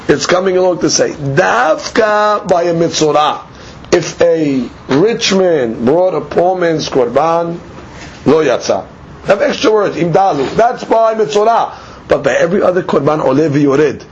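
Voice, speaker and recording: A man's voice: fairly high pitch, lo-fi sound, slight background noise. A man giving a daily Talmud lecture, explaining each step by asking and answering his own questions. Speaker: Talmud teacher.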